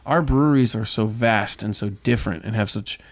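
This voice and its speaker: A man's voice: lowish voice, a little fast. A man who owns a brewery tour company, telling stories in a casual podcast chat with enthusiasm, often repeating words as he starts a thought. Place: Knoxville.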